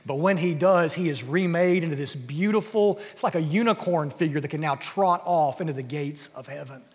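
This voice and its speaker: An earnest male pastor preaches a sermon with a somewhat high voice, sometimes sinking to a quiet hush. His words ring out with the long reverb of a large church hall. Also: fairly quick, hardly any pauses. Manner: earnest, dropping to a hush at key points. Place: church sanctuary.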